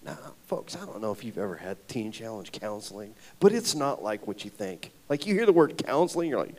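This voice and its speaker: A man giving a personal testimony at a ministry gathering, telling his story in a casual, slangy way, swinging between loud and whispered. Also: lowish voice, big pitch swings, a little fast, few pauses. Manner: casual, slangy storytelling with frequent 'like' and 'dude'. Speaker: guest speaker at ministry event.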